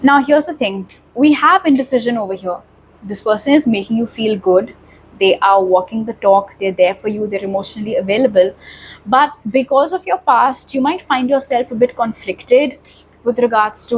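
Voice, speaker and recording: Lady doing a tarot reading to camera, kinda high voice, reassuring, bit of hiss behind. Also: normal speed, rough recording. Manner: reassuring, addresses viewers directly. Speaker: tarot reader. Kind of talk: pick-a-card tarot reading.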